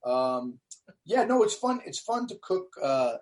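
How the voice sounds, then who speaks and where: A male comedian guest with a slightly raised pitch, talking loosely and easily in a casual interview. His speech is sprinkled with fillers and small restarts. He sounds like he is chatting among friends rather than performing. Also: unhurried. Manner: relaxed, loose talk with many fillers.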